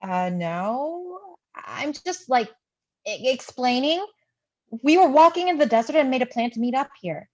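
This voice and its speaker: Cast: woman reading a flustered young woman, somewhat high voice, dull lo-fi recording. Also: expressive, a little slow, darkish tone. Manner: hesitant, fumbling. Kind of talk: live play reading.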